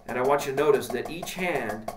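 A man's voice: mid-range voice, animated, fairly quick, music in the background. A man teaching a drum lesson, coaching emphatically and counting out patterns as he demonstrates. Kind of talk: instructional lesson.

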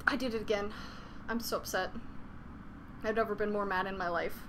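Bright-voiced young woman streamer. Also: mid-range voice, steady tone, fairly quick, long pauses, a little hiss or hum. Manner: chatty, swearing, laughing, frustrated outbursts. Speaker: game streamer. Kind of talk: casual live-stream chat while gaming.

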